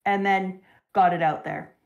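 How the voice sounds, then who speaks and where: A young adult woman hosting a casual talk show, retelling a story with animated, emotional energy. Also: medium pitch, measured pace, dull audio. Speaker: show host. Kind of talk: casual chat retelling a manga.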